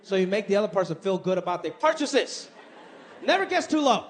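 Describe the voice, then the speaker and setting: A man performing an animated stand-up set, switching in and out of impressions of the people in his stories. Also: sits high, brisk. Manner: animated, shifts between impressions. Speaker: stand-up comedian. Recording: live club set with crowd laughter and noise.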